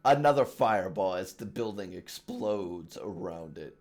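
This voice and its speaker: A man runs a tabletop game in a slow, halting way. His voice is very low and gravelly. He pauses often with fillers. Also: animated, background noise. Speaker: game master.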